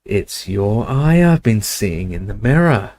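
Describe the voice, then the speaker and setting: A man's voice: fairly low pitch, big pitch swings, slow pace, darkish tone, full character voice. A man reading an earnest young hero.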